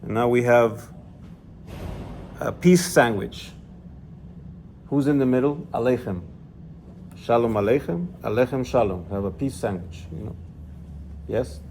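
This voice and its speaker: A man's voice: mid-range voice, unhurried, vocal fry, long pauses, darkish tone, slight background noise. A man teaching a class conversationally, explaining and telling a story, checking in with listeners. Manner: conversational, asks class for agreement. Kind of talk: lecture with storytelling.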